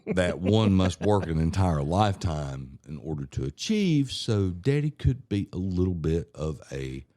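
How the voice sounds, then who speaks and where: A man's voice: deep voice, very animated, measured pace, warm tone, no echo, clean studio sound. A man on a podcast telling a casual, profane family story, laughing and acting out what people said. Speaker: podcast co-host.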